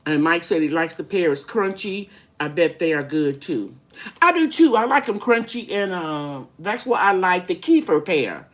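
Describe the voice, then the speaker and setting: A woman's voice: lowish voice, expressive, moderate pace. An older woman hosting a live-stream gardening Q&A, chatty and folksy, greeting viewers by name as she rambles through explanations. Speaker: gardening channel host.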